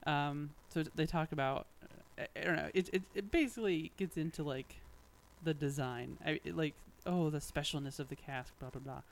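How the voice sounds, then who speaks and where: A man's voice: on the high side, moderate pace, creaky, rough recording. A man co-hosting a casual podcast chat, reading a press statement aloud with wry asides and frequent laughs. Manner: wry, laughs often, drifts off mid-sentence. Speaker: podcast co-host.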